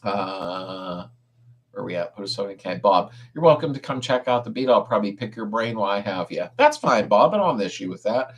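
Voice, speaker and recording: A man's voice: lowish voice, lively intonation, a little fast, slightly rough. A middle-aged man hosting a casual live-stream chat, reading viewer comments aloud and answering car repair questions in an easygoing way. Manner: laid-back, chuckles often, answers car questions.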